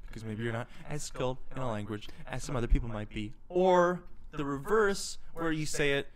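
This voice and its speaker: A man's voice: mid-range voice, fast, a crowd in the background. Young man ranting in mock-serious chat. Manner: animated, mock-serious rants. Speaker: podcast co-host. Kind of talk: casual comedic chat.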